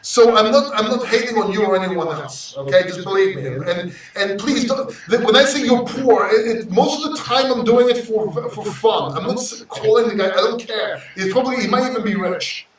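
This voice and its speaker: A Greek man hosting a crypto livestream, talking to chat in an emotional, brash way, swearing and swinging between loud and quiet. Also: high-pitched, lively intonation, moderate pace, hardly any pauses, distant mic. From Greece. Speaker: crypto YouTuber reading live chat. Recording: roomy echo, off-mic sound.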